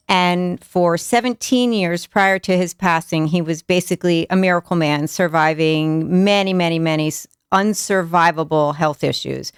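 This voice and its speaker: A woman's voice: fairly low pitch, clear, resonant tone, no echo, clean studio sound. A woman hosting a podcast, talking in an emphatic, candid way. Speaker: podcast host. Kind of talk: casual interview conversation.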